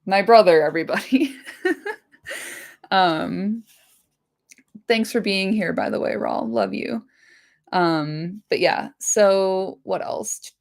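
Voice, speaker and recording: A woman's voice: mid-range voice, expressive, slow, vocal fry, long pauses. A woman hosting a casual book-chat podcast, rambling along with lots of fillers and cheerful swearing. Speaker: podcast host.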